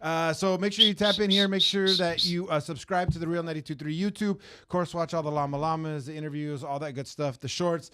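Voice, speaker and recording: A man hosting a radio podcast, talking in a relaxed, laid-back way and tossing in bro and man. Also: fairly high pitch, fairly quick, few pauses, clean tone. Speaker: radio show host. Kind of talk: casual podcast chat.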